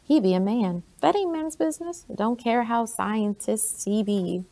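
A woman reading an audiobook, voicing a grumbling female household servant who talks in a gruff, folksy dialect. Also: mid-range voice, fast, warm tone, lightly acted.

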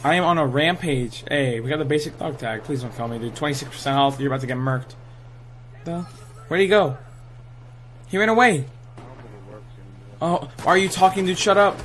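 A young man giving excitable, trash-talking live commentary over his own gameplay, full of gamer slang. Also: fairly high pitch, moderate pace, pauses often. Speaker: gaming channel host.

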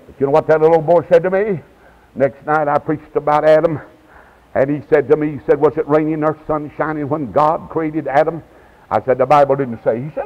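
Brief: evangelist, man, animated fairly high voice, lo-fi church recording. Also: brisk. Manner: swings from low asides to high shouted cries. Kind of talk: revival preaching. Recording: dull lo-fi 1990s church tape.

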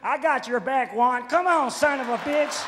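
A comedian putting on the voice of a big, rowdy redneck man who is loudly backing up a friend. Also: very high-pitched, moderate pace, background noise. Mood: fired up. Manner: shouting, loud. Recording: echoey hall with crowd.

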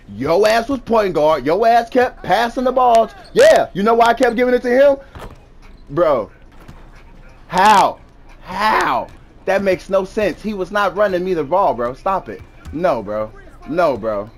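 A man's voice: sits high, expressive, a little slow, creaky, faint music behind. A young man gaming and trash-talking an opponent over voice chat, taunting and mocking, repeating his insults over and over. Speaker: gamer.

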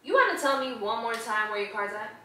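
A woman's voice: fairly high pitch, animated, brisk, bright, forceful tone. A young woman suspiciously pressing her boyfriend with questions in a casual argument. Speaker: vlogger's girlfriend. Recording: echoey room, voice from a distance.

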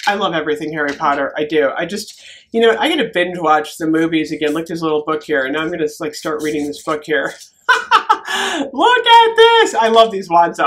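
Excitable woman vlogger, lively voice. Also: deep voice, slight background noise. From United States. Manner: excitable, gasping and giggling. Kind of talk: casual unboxing vlog.

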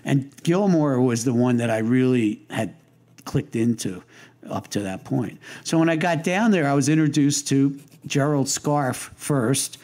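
Here an older interview guest with a darkish, mid-range voice talks a little slowly. He's a lighting designer telling casual, loosely rambling stories peppered with fillers, restarts, and smart-aleck humor.

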